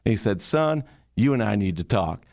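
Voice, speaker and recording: A man from Michigan giving a motivational talk on communication, telling a story and coaching in a lively, punchy way. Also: on the low side, moderate pace, gravelly. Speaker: communication speaker.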